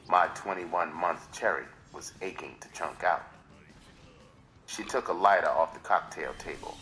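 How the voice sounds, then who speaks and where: A man's voice: sits low, bright, forceful tone. A man reading a novel aloud on a live stream in dramatic first-person narration. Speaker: reader.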